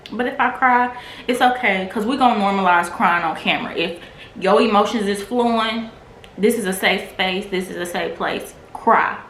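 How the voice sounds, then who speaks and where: A woman's voice: medium pitch, fairly bright tone. A woman vlogger candidly telling a personal testimony in a casual, filler-heavy way. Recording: echoey room with faint noise.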